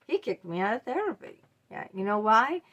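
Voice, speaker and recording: A middle-aged woman gives advice in a casual monologue to camera. Her voice sits a little high and rings bright and sharp. She hammers each point home bluntly and emphatically. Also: sing-song, normal speed, breathy edge. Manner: emphatic and blunt, talking straight to the viewer. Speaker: vlogger.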